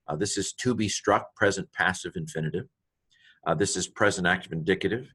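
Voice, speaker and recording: Man with a very low voice teaching Greek casually, parsing verb forms aloud, lots of ums, gets excited by grammar. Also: a little fast, slightly rough. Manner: thinks aloud, parsing each word with many ums and asides; delighted by small grammar discoveries. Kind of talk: informal walkthrough of a Greek text.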